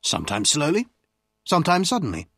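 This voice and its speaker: A reader doing a calm doctor of forty. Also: medium pitch, a little fast, husky, no room sound, studio quality, full character voice. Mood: reassuring. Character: calm male doctor about forty, old friend. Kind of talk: audiobook story reading.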